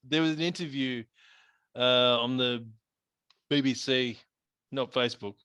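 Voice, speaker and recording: A man co-hosting a podcast in casual chat, an animated storyteller who laughs often. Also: medium pitch, measured pace, clear, resonant tone, no room sound, lo-fi sound. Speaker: podcast co-host.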